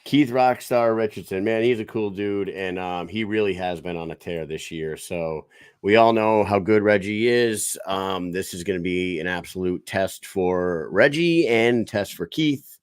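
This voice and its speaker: Deep-voiced dude introducing fighters, cussing casually, dry close sound. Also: male voice, unhurried, clean tone, dry recording. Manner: hyped, swears casually when introducing guests. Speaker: podcast co-host. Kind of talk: casual chat.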